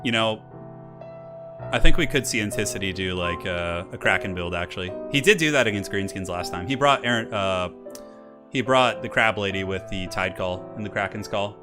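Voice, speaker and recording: A man's voice: fairly low pitch, normal speed. A man hosting a game tournament stream in casual live commentary, chatty and rambling and laughing often. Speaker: tournament stream host and caster. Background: faint classical music playing.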